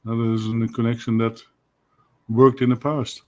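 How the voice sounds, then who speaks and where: A man on a sports chat panel, hesitant and filling pauses often. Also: medium pitch, level tone. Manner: hesitant, many fillers.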